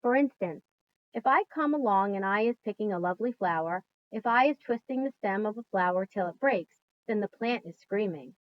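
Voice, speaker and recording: A woman voicing a big, gentle old male giant who talks with mangled grammar, read aloud from a storybook on a dull lo-fi recording. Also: mid-range voice, animated, moderate pace, lightly acted. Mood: earnest. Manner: mangled grammar, emphatic and earnest.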